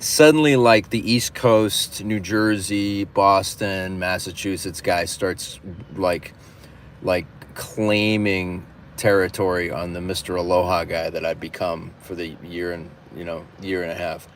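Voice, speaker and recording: Man on a live stream, fairly low voice, excitable storyteller who keeps restarting, faint street noise outside. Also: unhurried. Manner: animated, restless retelling with many restarts and swearing. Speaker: livestream host. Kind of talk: casual storytelling.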